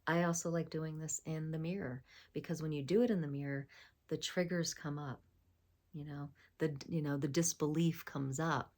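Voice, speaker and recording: A woman speaking as a spiritual voice coach, gentle and affirming, sometimes dropping into a soft whisper. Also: deep voice, steady tone, normal speed. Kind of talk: spiritual self-help talk.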